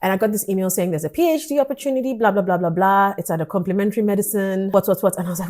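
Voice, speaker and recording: Lively woman telling a story. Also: medium pitch, fast talker, hardly any pauses. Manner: animated storytelling, acts out dialogue, laughs often. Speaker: vlogger. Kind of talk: storytime vlog.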